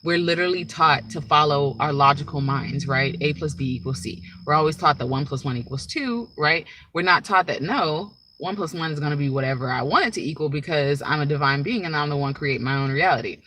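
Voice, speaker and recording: A woman's voice: low-pitched, brisk, few pauses, a bit bright, rough recording. A woman speaking as a spiritual teacher in a casual, rambling monologue, often checking in with "right?" and "like".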